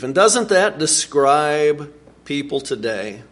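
A man preaching a sermon, earnest and animated, with sudden swings in pitch and volume. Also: measured pace. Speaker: pastor.

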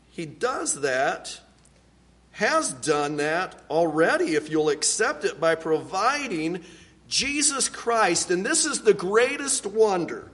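A pastor preaches a sermon in an earnest, deliberate, unhurried way, pausing often. On key words he drops to a hushed, low voice.

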